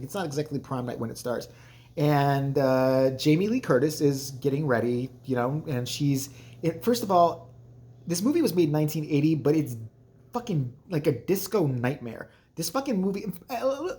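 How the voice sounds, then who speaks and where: A man's voice: medium pitch, a little mellow. A man hosting a casual movie review vlog, crude, rambling and jokey, acting out scenes in voices. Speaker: channel host, movie reviewer.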